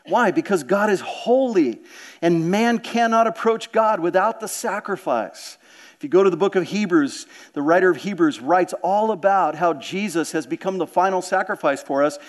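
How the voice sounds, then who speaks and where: Earnest man preaching, higher-pitched voice. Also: lively intonation, normal speed. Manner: earnest, repeats words, asks the room questions. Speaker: pastor. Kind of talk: sermon.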